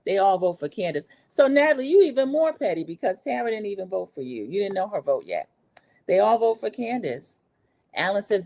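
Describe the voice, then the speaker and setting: A woman's voice: mid-range voice, a little fast, vocal fry. A woman, chatting through a TV episode recap in a sassy, gossipy way. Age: 40s. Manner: chatty, sassy, quotes cast members in lively put-on voices. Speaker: recap show host. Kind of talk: casual TV recap commentary.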